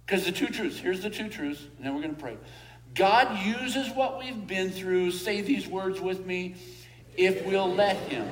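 A man pastor giving a sermon in a church hall, telling a story with frequent chuckles and then praying slowly and earnestly. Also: fairly high pitch.

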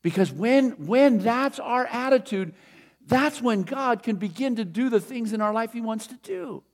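Middle-aged male pastor, high voice, conversational and emphatic sermon delivery. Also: animated, measured pace. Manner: conversational, emphatic preaching with repeated phrases.

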